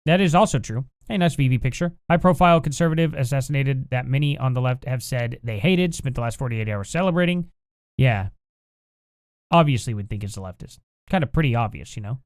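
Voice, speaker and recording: A man's voice: mid-range voice, fairly quick, no room sound, studio quality. A man hosting a live stream, reading chat aloud and answering it with combative, sarcastic, exasperated rants, plainly angry. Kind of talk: heated live-stream commentary.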